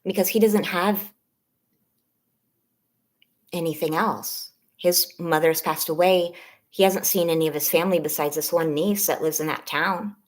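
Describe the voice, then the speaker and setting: A woman in her thirties with a somewhat low voice talks on a personal live stream. She speaks haltingly, her voice shaky and close to tears. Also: fairly even intonation. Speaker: vlogger on a members-only live stream.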